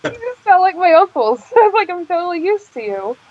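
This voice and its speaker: A woman's voice: very high-pitched, big pitch swings, brisk, a little mellow. A woman with a Baltimore accent co-hosting a casual group chat show, chatty and gushing, laughing easily. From Baltimore, USA. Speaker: podcast co-host. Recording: dull lo-fi online audio.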